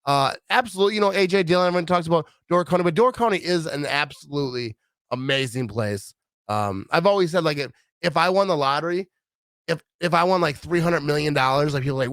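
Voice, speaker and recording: A man's voice: a little high, fast, no echo, clean studio sound. A middle-aged man from Wisconsin rambling casually in a vlog, acting out what others said. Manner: rambling, animated, acts out quoted voices. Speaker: vlogger.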